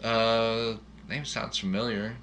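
A man in casual chat about a movie, animated and jokey, firing off quick questions. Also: medium pitch, slight background noise.

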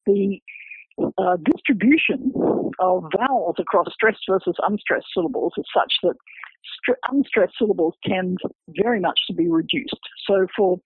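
A man, a researcher, explaining his book's findings in an academic, halting way, full of repeated words and fillers. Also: high voice, lively intonation, slightly rough, no echo. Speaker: researcher discussing his book. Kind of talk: explanatory interview talk. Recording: dry, phone-like radio line.

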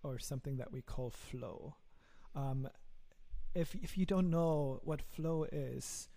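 German-accented man, gravelly and mellow. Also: a little high, slow. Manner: earnest, repeats words while thinking. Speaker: startup founder. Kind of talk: casual interview talk.

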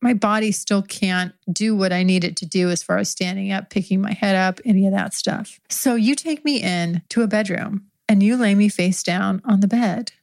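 A woman's voice: medium pitch, moderate pace, vocal fry, few pauses, darkish tone. A woman hosting an adult podcast, telling an improvised first-person story in a candid, profane way and laughing often as she goes.

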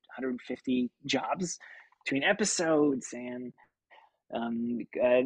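A man in his thirties from Kansas, a puppeteer telling stories in a casual interview, animated and full of filler words. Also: mid-range voice, husky, no room sound, poor audio. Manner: animated anecdote-telling, acts out quoted voices, many ums. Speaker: puppeteer and actor, guest.

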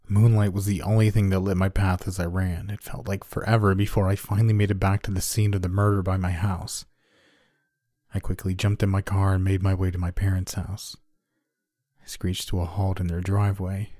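A man reading a first-person horror story aloud in a measured, deliberate way. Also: deep voice, mellow, no room sound, clean studio sound. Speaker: narrator. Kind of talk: scripted horror story narration.

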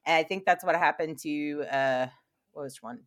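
A woman co-hosting a podcast in casual chat, sassy and quick with a joke, laughing often as she tells stories. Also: sits low.

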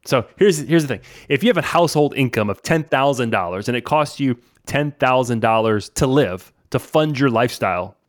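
A man's voice: medium pitch, animated, a little fast, hardly any pauses, dry recording, clean studio sound. A man in his forties, a podcast host from New Orleans, giving casual money advice in a chatty way, often saying "man" and "right?". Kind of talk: casual financial advice talk.

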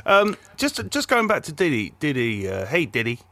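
Playful, lively-voiced man on a podcast. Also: on the high side, moderate pace. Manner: playful, jokey, stumbling restarts. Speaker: podcast co-host. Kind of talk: casual football chat.

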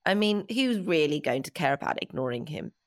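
A woman's voice: sits low, very animated, fairly quick, no room sound, clean studio sound. An actress playing a pompous, self-righteous female radio host, speaking in a comedy podcast. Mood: smug. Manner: pompous and indignant.

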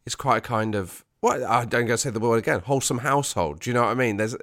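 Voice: mid-range voice, quick pace, fairly bright tone. A podcast co-host asking probing, playful questions in casual chat.

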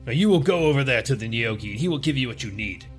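A man's voice: medium pitch, animated, fast talker, soft background music, natural voice. A man voicing a stern Githyanki warrior who gives formal, clipped orders. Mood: commanding.

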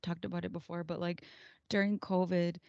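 Animated storytelling mom, dull dry recording. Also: female voice, fairly low pitch, fairly quick, no room sound. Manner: animated storyteller, acts out kids' voices. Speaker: podcast co-host. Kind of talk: casual chat.

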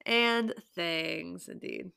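Gravelly-voiced woman chatting casually. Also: fairly low pitch, very slow, bright, forceful tone, no room sound, clean studio sound. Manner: chatty, rambling, many fillers. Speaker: podcast co-host. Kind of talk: casual chat.

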